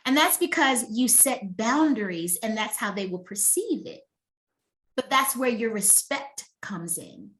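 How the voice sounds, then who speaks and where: A middle-aged woman with a somewhat high voice teaches a motivational master class as a wellness coach. She talks in a lively, conversational way and often asks her listeners if they are with her. Her delivery is emphatic and personal, as if speaking straight to each person. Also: a little slow.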